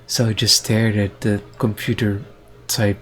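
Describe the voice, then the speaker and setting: A man's voice: lowish voice, flat delivery, measured pace, slight background noise. A man improvising a spoken story in a rambling, hesitant way, with many restarts and fillers.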